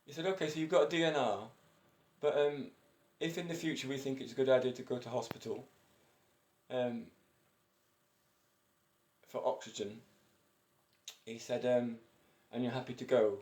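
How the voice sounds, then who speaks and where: Man, 50s, breathless, rambling and eccentric, chuckling, mid-pitched, roomy echo. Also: fairly even intonation, normal speed, pauses often, darkish tone. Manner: rambling, chatty, self-described eccentric, chuckles often. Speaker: vlogger. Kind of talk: casual personal monologue.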